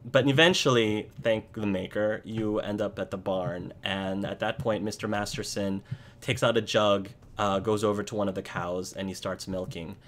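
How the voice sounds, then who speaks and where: A man narrating as game master of a tabletop game, with many pauses and fillers. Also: lowish voice, steady tone, a bit bright, a little hiss or hum. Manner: unhurried, filler-heavy narration.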